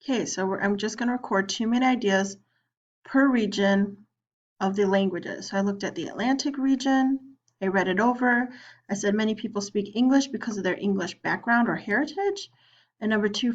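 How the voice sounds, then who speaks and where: Chatty woman teacher on a lo-fi screen recording. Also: medium pitch. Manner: chatty, plays both student and teacher. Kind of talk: screen-recorded lesson walkthrough.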